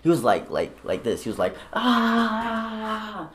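A young man telling stories in casual chat, swearing often and animated. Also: sits low, fast, slight background noise. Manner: profane, animated storytelling. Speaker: storyteller.

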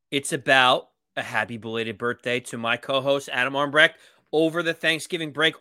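A man co-hosting a casual sports podcast, breaking down a game in an animated, emphatic way. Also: medium pitch, no room sound, clean studio sound. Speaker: podcast co-host.

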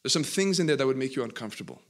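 A male preacher voicing an exhausted man who pleads with and shouts at Jesus in a parable. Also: medium pitch, animated, rapid-fire, close to an everyday voice. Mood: bargaining.

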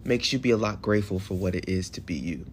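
A man in his twenties hosting a solo podcast in a hotel room, talking in an emotional, affirming way with animated bursts. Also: low voice, fast talker, slight background noise. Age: 20s. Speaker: podcast host.

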